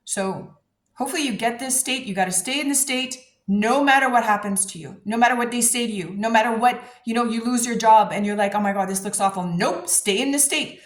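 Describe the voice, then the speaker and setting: A woman coaching viewers on manifestation in a casual, blunt, animated way, swearing freely. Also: a little high, fairly quick, roomy sound. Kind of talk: casual advice talk to camera.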